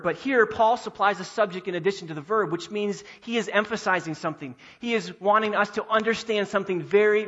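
A man's voice: high voice, a bit bright, dull audio. A man preaching a sermon as pastor, earnest and emphatic, repeating key phrases for weight. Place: church sanctuary.

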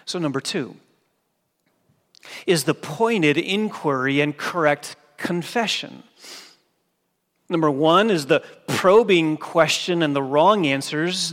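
Male pastor, sermon delivery, emphatic, somewhat high voice, long reverb of a church hall. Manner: emphatic preaching, dropping low and soft for quoted scripture.

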